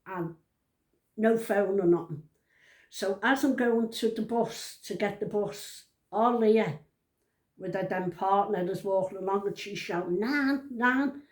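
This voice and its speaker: A woman's voice: medium pitch, steady tone, unhurried, a little mellow, roomy sound. Chatty rambling woman in her seventies. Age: 70s. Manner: chatty, rambling, self-interrupting. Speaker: vlogger telling a family story. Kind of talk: casual storytelling to camera.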